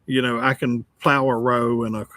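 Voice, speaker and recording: A man's voice: mid-range voice, little pitch movement, normal speed, sharp tone, dry recording. A man in his sixties, a longtime radio host, chatting casually on a livestream and reading comments, joking and poking fun at himself. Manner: joking, chatty and self-mocking.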